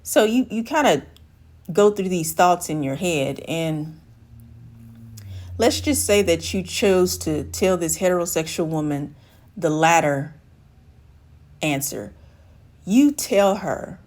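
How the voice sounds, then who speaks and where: A woman's voice: fairly low pitch, animated, slow pace, long pauses, a little mellow. A woman life coach giving advice straight to camera, talking through an everyday scenario and voicing the people in it. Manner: acts out dialogue, shifting voice for quoted women. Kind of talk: direct-to-camera advice talk.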